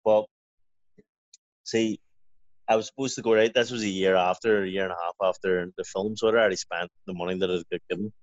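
Speaking in a deep, fairly even voice at a brisk pace, a professional boxer tells rambling, profanity-heavy stories as an interview guest, restarting often. It's a casual storytelling interview, recorded as dry, dull lo-fi audio.

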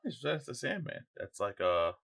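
A man's voice: mid-range voice, big pitch swings, moderate pace, gravelly, a bit bright, breathy edge. A young man co-hosting a podcast, talking casually in a loose, profane, joking way. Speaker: podcast co-host.

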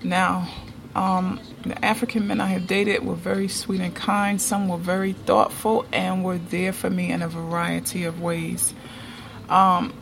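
Slow-talking woman with a gravelly voice. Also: on the low side, background noise. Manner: chatty, emphatic, keeps checking in with "okay?". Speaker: vlogger. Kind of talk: casual opinion vlog.

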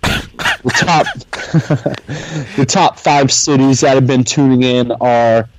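A man hosting a wrestling podcast in casual chat, giving upbeat shout-outs and show updates. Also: medium pitch, wildly swooping pitch, takes it slowly, background noise. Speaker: podcast host. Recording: dry, slightly dull sound.

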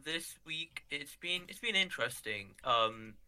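A man co-hosting a casual podcast, talking in a hesitant, relaxed way with many ums. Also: fairly high pitch, measured pace, a crowd in the background. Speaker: podcast co-host. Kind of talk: casual chat.

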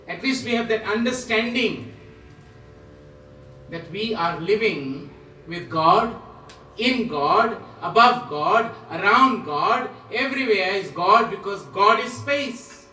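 A man speaking as a guru, giving a spiritual talk in slow, repetitive, emphatic phrases. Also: sits high, expressive, pushed and bright, slight background noise. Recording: roomy echo, voice from a distance.

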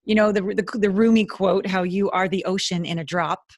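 A woman guest on an interview podcast, talking in an earnest, expressive, spiritual way with sudden bursts of emphasis. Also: medium pitch, moderate pace, dry recording, clean studio sound. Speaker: guest intimacy expert.

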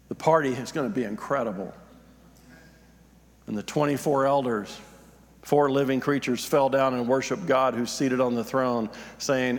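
A man's voice: medium pitch, in a large hall. A man, a pastor, preaching a sermon, reading scripture aloud and then explaining it in plain talk, rising in emphasis on his points.

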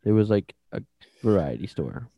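A young man co-hosting a podcast, relaxed in casual chat and dropping wry asides. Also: fairly low pitch, moderate pace, gravelly, dry recording, dull audio. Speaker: podcast co-host.

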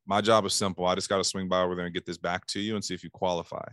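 A man's voice: sits low, little pitch movement, racing, fairly bright tone, no echo, studio quality. A man giving casual sales coaching, talking animatedly and acting out phone calls in bursts. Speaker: sales trainer.

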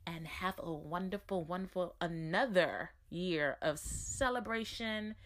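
A woman's voice: on the low side, a little slow, fairly bright tone. A woman podcaster sending an emphatic, encouraging voice message greeting.

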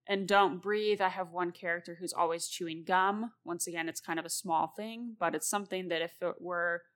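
A woman's voice: on the low side, a bit bright. A woman host and novelist talking casually and at length about writing, rambling and laughing often.

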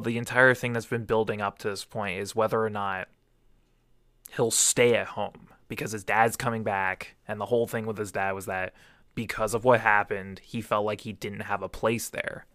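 Low-voiced man, quick and emotional. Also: a bit bright, no echo, studio quality. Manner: emotional, rapid bursts. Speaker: podcast co-host. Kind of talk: casual chat.

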